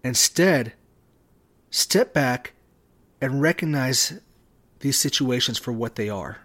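A man hosting a devotional podcast, speaking in a measured way with long pauses. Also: medium pitch, lively intonation, a bit bright. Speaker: podcast host. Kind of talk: devotional talk.

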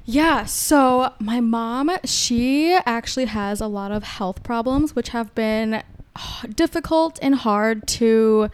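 A woman's voice: a little high, slow, clear, resonant tone. A woman chatting casually as a podcast guest, telling stories and laughing often. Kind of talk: casual chat.

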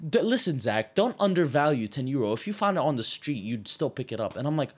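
A man's voice: mid-range voice, sing-song, fast. Blunt, swearing young man ranting. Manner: blunt, swears a lot, rants animatedly. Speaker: podcast co-host. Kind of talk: casual chat.

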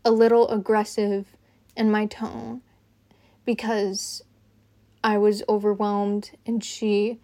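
A young woman hosting her own podcast, rambling casually and haltingly, with lots of "like" fillers. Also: mid-range voice, completely flat delivery, dark tone. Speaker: podcast host.

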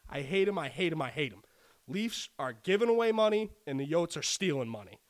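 A young man co-hosting a podcast, chatting casually about sports betting, swearing often and rambling with excitement. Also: on the high side, a little fast. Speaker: podcast co-host.

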